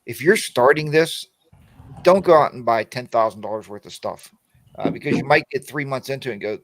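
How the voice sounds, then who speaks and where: A man's voice: medium pitch, a bit bright, no room sound. A man hosting a casual live chat, rambling and joking, often starting sentences over. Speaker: podcast host.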